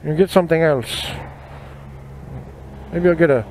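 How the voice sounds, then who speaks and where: A chatty, high-voiced motorcycle vlogger in his forties rides through city traffic, telling casual stories at a measured pace, mocking himself and laughing at his own tales. The helmet-mounted mic captures loud traffic and road noise around him outdoors.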